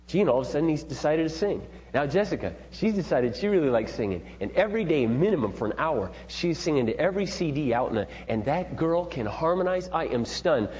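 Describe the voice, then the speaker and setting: A middle-aged man leading a parenting seminar, talking in a rambling, folksy, animated way to a group. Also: on the high side. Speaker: seminar leader. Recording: dull echoey hall with faint hum.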